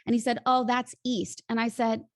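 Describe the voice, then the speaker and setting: A woman from Chicago, a voice coach guest on a podcast, telling a story lively and acting out the dialogue. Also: fairly high pitch, normal speed, dry recording, studio quality. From Chicago, USA. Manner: lively, acts out quoted dialogue, laughs easily. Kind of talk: animated storytelling in an interview.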